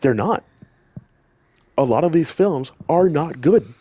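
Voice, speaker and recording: A gaming commentator delivers a heated direct-to-camera rant, scolding viewers and repeating lines for emphasis. His high-ish voice is lively in intonation but slow, captured in a dry recording with dull audio.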